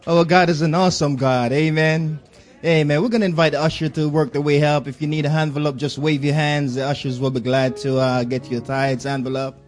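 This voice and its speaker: A man's voice: fairly high pitch, little pitch movement, brisk, faint music behind. A man in church calling out praise and announcing the offering. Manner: calls out praise, then announces. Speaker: minister leading the offering. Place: church sanctuary.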